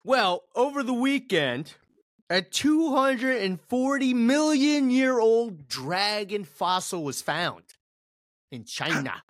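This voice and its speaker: A man's voice: extremely high pitch, lively intonation, slow. A man co-hosting a sports podcast, chatting casually and laughing often at jokes. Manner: joking, laughs a lot. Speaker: podcast co-host.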